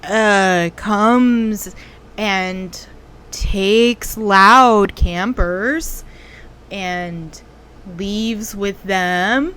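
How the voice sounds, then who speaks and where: A woman voicing an ancient talking tree spirit, drawing each word out slowly and ominously. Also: mid-range voice, fairly bright tone, clean tone. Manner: slow, drawn-out, ominous delivery.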